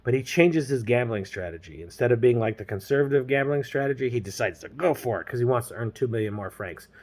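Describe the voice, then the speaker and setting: A man's voice: mid-range voice, animated, fast talker, darkish tone. A man with a mid-range voice retells a novel in loose, everyday speech. He rambles, leans on slang and keeps stopping on little fillers. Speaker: storyteller. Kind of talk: casual book recap.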